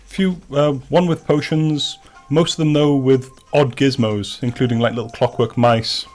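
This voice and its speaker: A man's voice: medium pitch, fairly even intonation, normal speed, a little mellow, faint music behind. A man narrating as game master of a tabletop game, rambling with many restarts and fillers.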